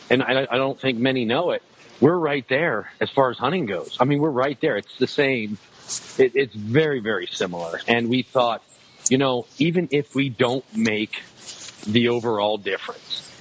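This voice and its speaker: Man, podcast guest, rambling, fillers, slightly muffled audio. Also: mid-range voice. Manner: rambling, many restarts and fillers. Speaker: guest, outdoor TV show co-host. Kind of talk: casual podcast conversation. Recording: slightly dull lo-fi sound, faint noise.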